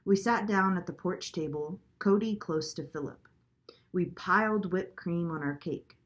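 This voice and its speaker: A woman reading a children's chapter book aloud at a clear, steady pace. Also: on the low side, unhurried. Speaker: storybook reader.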